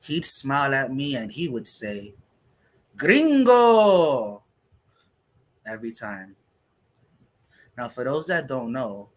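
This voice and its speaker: A man delivers spoken word poetry in a measured, reflective way, leaving pauses between phrases. His voice sits in an ordinary middle pitch for a man. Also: fairly bright tone. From United States. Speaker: poet.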